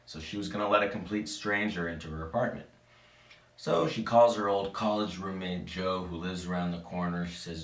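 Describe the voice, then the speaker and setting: A man with a deep, low voice tells a spooky story in a casual, playful way, tossing asides to his listeners. His voice rings in a roomy space, picked up from a distance. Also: moderate pace. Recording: echoey room, mic at a distance.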